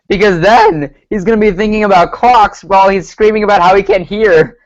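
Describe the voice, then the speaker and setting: A man with a slightly high voice talks earnestly and sometimes hesitantly in a casual recap chat. His mic sounds muffled and lo-fi. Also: moderate pace. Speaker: podcast co-host.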